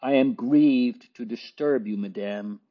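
Worried big brother, soft and polite, man reading him, slow, muffled sound. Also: medium pitch. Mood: tender. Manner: gentle, polite. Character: tender, worried older brother, a boy.

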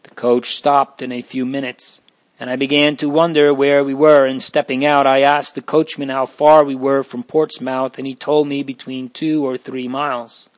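A man's voice: mid-range voice, level tone, moderate pace. A man reading aloud an old religious memoir in an earnest, fervent way, rising with emotion at its prayers. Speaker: reader of a memoir.

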